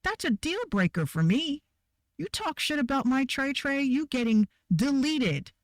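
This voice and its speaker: A woman's voice: high-pitched, big pitch swings, a little slow, no room sound, studio quality. A woman ranting bluntly and heatedly to her viewers, swearing a lot and repeating herself for emphasis. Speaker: online creator ranting to viewers. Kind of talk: profane rant to camera.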